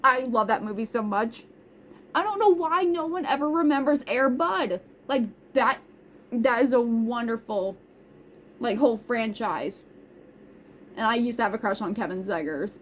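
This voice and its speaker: A woman's voice: a little high, a bit bright. A woman vlogger chatting casually about her favorite movies, bubbly and rambling, with self-deprecating asides. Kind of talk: casual chat. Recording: slightly dull recording with faint hiss.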